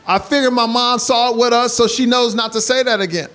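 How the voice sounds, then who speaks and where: A man doing stand-up comedy who tells animated stories and builds up to shouts. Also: extremely high pitch, a little fast. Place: comedy club stage. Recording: live club set with crowd laughter. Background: audience laughter and room hiss.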